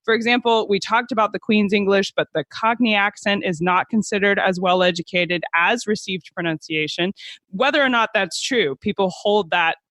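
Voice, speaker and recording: A woman's voice: mid-range voice, normal speed, fairly bright tone, no room sound. A woman from Alabama with a Southern US accent, hosting a podcast interview in a chatty conversational way. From Birmingham, Alabama, southern United States. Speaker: podcast host. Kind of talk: conversational interview, reading quotes from a paper.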